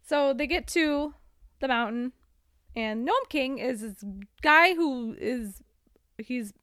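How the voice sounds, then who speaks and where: A woman podcast co-host recaps a movie with lively, bouncing energy and frequent laughs. Her voice sits high and leaps up and down. The sound is close and dry. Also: takes it slowly, dry recording. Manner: animated storyteller, laughs often. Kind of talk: casual chat recapping a movie.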